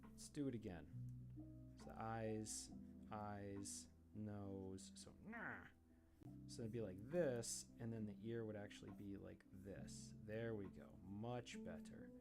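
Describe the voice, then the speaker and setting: A man streaming his drawing session live, thinking aloud in a relaxed, self-deprecating way as he works. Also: on the low side, slow. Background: guitar music.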